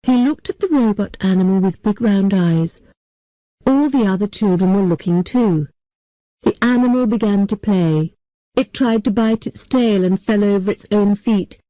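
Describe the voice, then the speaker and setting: A woman narrating an easy story for English learners, every sentence short and clearly spoken. Her voice is soft and mellow, recorded close and completely dry. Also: medium pitch, normal speed, no room sound, rough recording.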